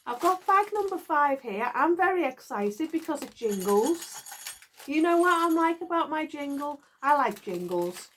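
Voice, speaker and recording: A middle-aged British woman chatting away to her viewers in a rambling, giggly way. Her voice sits a little high and swings widely in pitch. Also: very animated, a little slow, fairly bright tone, slight background noise. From United Kingdom. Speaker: knitting vlogger. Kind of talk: casual chat to viewers. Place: garden shed.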